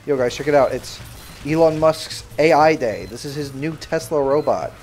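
A young man livestreaming a game, bantering loudly and sarcastically with his chat in mock outrage. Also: on the high side, moderate pace, soft background music. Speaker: streamer. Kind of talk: live gaming stream chatter.

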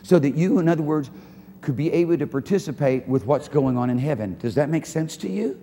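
A man pastor preaching a live church sermon with passion, swinging from soft talk to shouting and repeating his phrases. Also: a little high, expressive, a little fast. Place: church sanctuary. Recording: church hall reverb, faint room noise.

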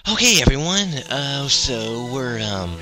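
A man talking through his game session in a relaxed, rambling way. His voice rises and falls quite a lot, and steady game music runs behind him. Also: mid-range voice, a little slow. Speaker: let's play narrator. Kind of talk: casual gameplay commentary.

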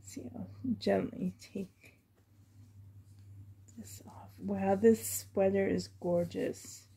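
A woman's voice: medium pitch, steady tone, very slow, vocal fry, warm tone, breathy edge. A woman vlogging as she unboxes a reborn doll, gushing fondly and often dropping to half-whispered asides. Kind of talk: unboxing vlog chat.

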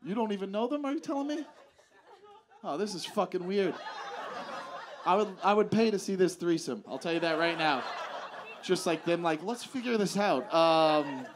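On a club stage, a man does profane crowd work as a stand-up comedian, ribbing people in the audience through a handheld mic. He speaks at normal speed in a high voice with lively intonation and long pauses, over a noisy background of audience laughter.

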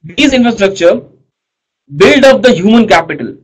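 A man's voice: high-pitched, animated, moderate pace, breathy edge, rough recording. A man teaching economics to a class. He talks in a chatty way, full of fillers, and keeps checking whether the students follow.

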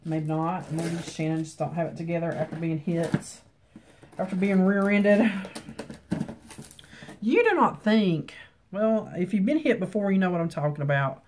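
A woman's voice: on the low side, expressive, moderate pace, long pauses, a little mellow, slight background noise. A young woman, congested, chatting casually in a rambling home vlog full of ums. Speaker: beauty vlogger. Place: home room with ring light.

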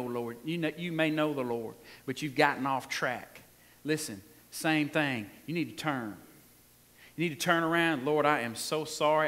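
In a church sanctuary with long hall reverb, a pastor delivers a folksy, emphatic sermon full of laughs and call-and-response with his congregation. His voice sits a little high and sounds pushed and bright.

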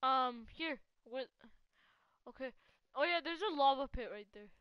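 A woman giving casual live gameplay commentary as a gaming channel host. She is excitable, laughs often and teases a teammate. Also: high-pitched, unhurried, smooth, no room sound, highs cut off.

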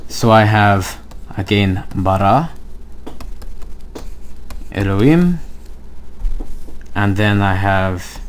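A man with a low voice talks slowly and patiently through a language lesson. He explains each step, pauses often, and checks that his students follow. It sounds like a recorded online class. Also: a little hiss or hum. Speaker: Hebrew teacher.

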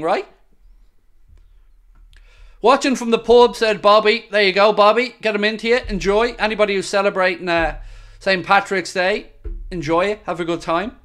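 A man's voice: sits high, fairly bright tone. A man hosting a live football watchalong, chatty and upbeat as he reads out viewer messages. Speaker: fan channel host.

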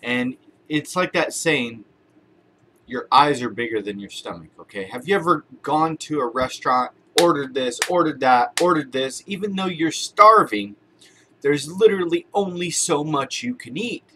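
A man's voice: a little high, animated, moderate pace, pushed and bright, slight background noise. Casual motivational man talking to camera. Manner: conversational, repeats phrases, uses everyday examples. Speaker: motivational vlogger. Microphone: camera-mounted shotgun mic.

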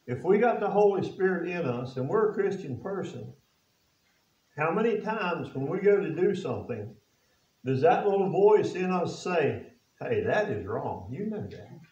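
A man's voice: high voice, lively intonation, a little slow, darkish tone. A man preaching a sermon as pastor, asking the congregation rhetorical questions, reading scripture aloud in old biblical wording and talking in plain, folksy speech. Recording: echoey, distant and dull-sounding.

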